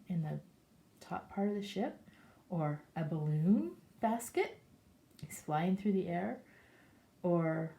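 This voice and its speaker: A woman as a preschool teacher reading a picture book to young children and asking them questions, in an animated way. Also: on the low side, a little slow. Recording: echoey room.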